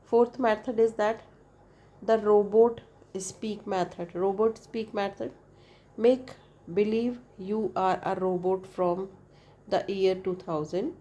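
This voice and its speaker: Slow, patient woman teaching English. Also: medium pitch, steady tone, mellow. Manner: repeats points, spells out vowels one by one; frequent "right?" checks with the listener. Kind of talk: explanatory lesson.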